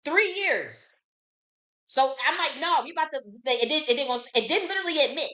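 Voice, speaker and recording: A woman, hosting her own channel in a heated, casual rant. She talks in a fairly high voice, swearing freely, repeating herself and circling back with indignation. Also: racing, a bit bright. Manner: profane, repetitive, indignant. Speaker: channel host.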